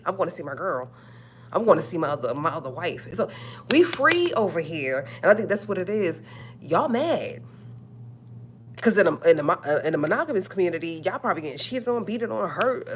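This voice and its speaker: A woman's voice: fairly low pitch, slight background noise. A woman hosting a livestream, talking in a sassy, emphatic way and repeating her points. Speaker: livestream host. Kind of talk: casual livestream rant.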